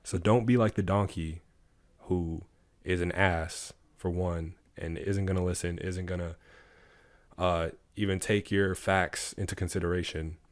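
A man co-hosting a podcast, chatting casually and telling a fable with a moral in a relaxed way. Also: low voice, measured pace, dry recording. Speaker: podcast co-host. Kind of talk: casual chat, storytelling.

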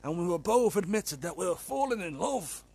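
A man's voice: high voice, very animated, normal speed, gravelly, a little mellow, husky, pitched above the performer's own voice, full character voice. A man voicing a young male letter writer who gushes in a strained, raised voice while reading his letter aloud. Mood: gushing. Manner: reads a letter aloud in a put-on voice.

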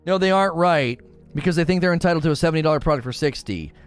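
A man's voice: a little high, very fast, smooth, soft background music. A man hosting a gaming talk show, ranting in an exasperated, emphatic way to his co-hosts. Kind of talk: opinionated gaming commentary.

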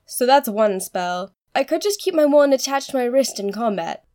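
A woman's voice: a little high, expressive, normal speed, a little mellow, natural voice. A woman voicing a haughty, proud young girl heiress with scornful, sulky retorts in a fan audiobook reading.

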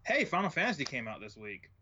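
A man co-hosting a podcast in casual chat, with a dry, low-key manner. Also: big pitch swings, a little fast, bright, forceful tone, slightly rough. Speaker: podcast co-host. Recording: dull lo-fi mic sound.

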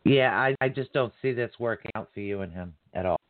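A man hosting a live call-in psychic reading show, chatty and quick to laugh. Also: fairly low pitch, no room sound. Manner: chatty, warm-toned addresses, laughs often. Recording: dry tinny phone-line sound.

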